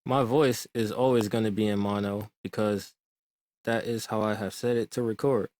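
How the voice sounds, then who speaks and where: A man explaining music production in a calm, measured tutorial voice. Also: fairly low pitch, no room sound. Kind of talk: screen-recorded tutorial.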